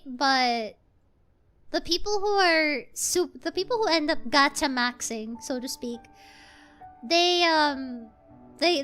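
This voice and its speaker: A woman with a high, bright voice chats through a gameplay stream at an unhurried pace. She rambles, restarts her sentences and breaks into excitable outbursts, with faint game music behind her. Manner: rambling, self-correcting, sudden excitable outbursts. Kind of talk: casual gameplay stream chat.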